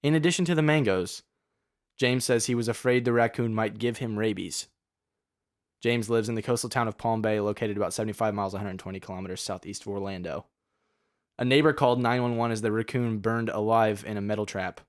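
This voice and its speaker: A young man with a fairly low voice, chatting casually on a podcast. He jokes, teases and breaks into laughs while talking, recorded dry and close. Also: steady tone, a little fast, dry recording. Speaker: podcast co-host. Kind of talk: casual chat.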